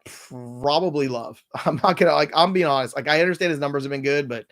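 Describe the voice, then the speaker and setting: A man co-hosting a fantasy football show in casual chat, excitable and emphatic, prone to ranting. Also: on the high side. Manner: excitable, emphatic, quick to rant.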